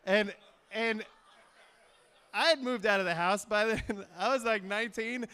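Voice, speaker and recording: Brief: man from Virginia, high voice, live stage storyteller, rambling and self-mocking, full of fillers. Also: measured pace, sharp tone, clear, resonant tone. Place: stage of a cultural center, live audience.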